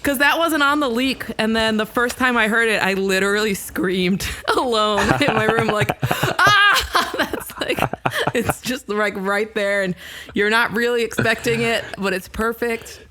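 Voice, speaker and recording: A woman's voice: a little high, normal speed, sharp tone, a little hiss or hum. A woman guest on a podcast, chatting over a video call, rambling with lots of fillers and frequent giggles. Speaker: guest musician. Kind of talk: casual interview chat.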